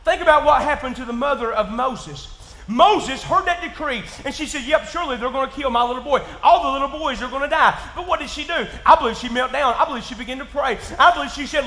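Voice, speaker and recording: A man with a Kentucky accent preaching in church, folksy and plain-spoken, dropping to quiet asides and rising to shouts. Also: extremely high pitch, quick pace. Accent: Southern US, Kentucky. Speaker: pastor. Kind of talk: sermon. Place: church sanctuary. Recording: echoey church room.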